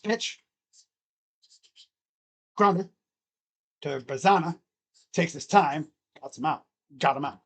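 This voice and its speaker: A man's voice: slow pace, long pauses, fairly bright tone. Casual young male baseball reaction streamer. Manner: casual, talks to his cat between pitches. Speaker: sports streamer. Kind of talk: live play-by-play reaction stream.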